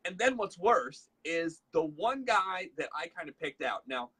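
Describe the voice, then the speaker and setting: Chatty man with a bright, husky voice. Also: fairly high pitch, big pitch swings, measured pace. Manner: chatty storyteller, acts out dialogue, many fillers. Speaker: host. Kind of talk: casual leadership talk, telling a story.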